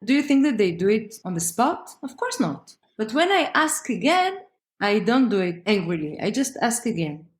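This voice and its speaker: A woman parenting expert talking as a podcast guest, emphatic and animated. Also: a little high, moderate pace. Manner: animated, emphatic, acts out quoted voices. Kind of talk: conversational podcast interview. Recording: roomy echo.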